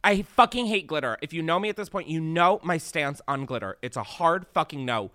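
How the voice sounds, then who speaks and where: A man's voice: a little high, expressive, a little fast, pushed and bright, smooth, no echo. A man hosting a podcast from a studio set, ranting in casual, profane, exasperated chat. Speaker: podcast host.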